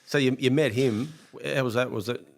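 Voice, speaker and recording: A man's voice: medium pitch, normal speed. A man hosting a podcast, asking short questions and reacting with laughs. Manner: brief prompts and laughing interjections. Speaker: podcast host. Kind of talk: casual interview chat.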